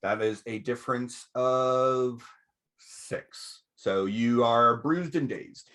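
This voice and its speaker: A man narrating as game master of a tabletop game in a measured way, often pausing with fillers. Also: medium pitch, fairly bright tone.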